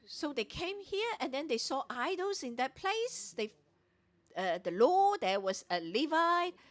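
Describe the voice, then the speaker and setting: A woman's voice: sits high, sing-song, measured pace, fairly bright tone. A woman preaching at a morning prayer meeting, explaining a Bible passage verse by verse and acting out the characters' lines. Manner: retells scripture with voiced dialogue. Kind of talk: Bible teaching sermon.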